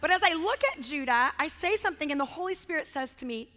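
A high, bright woman's voice preaching with lively, animated storytelling. She is middle-aged and slips into voices for the people in her story. The sound carries a long hall reverb. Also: fast. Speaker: guest speaker. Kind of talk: sermon with storytelling.

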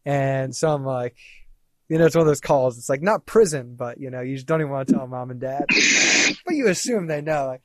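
Animated man telling a story casually. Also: medium pitch, a little fast, no room sound. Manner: animated, swearing, acts out quoted lines. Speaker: podcast guest.

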